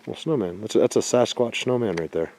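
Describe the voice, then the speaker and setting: Male outdoor vlogger, low voice, grumpy and insistent, a little breathless, faint background noise. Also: brisk. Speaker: Bigfoot researcher vlogger. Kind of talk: casual outdoor vlog talk. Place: snowy forest outdoors.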